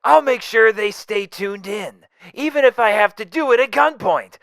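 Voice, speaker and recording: Man playing a manic masked mercenary, high bright gravelly voice, wild swings, dry close mic. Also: normal speed, dry recording. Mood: manic teasing. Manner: manic, jokey, leaps between whispers and shouts. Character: wisecracking masked male mercenary, manic and unhinged. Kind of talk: fan audio drama acting.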